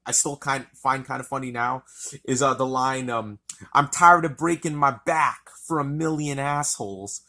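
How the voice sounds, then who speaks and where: A man's voice: mid-range voice, sharp tone. A man reviewing an album in a casual, rambling, enthusiastic way, swearing often.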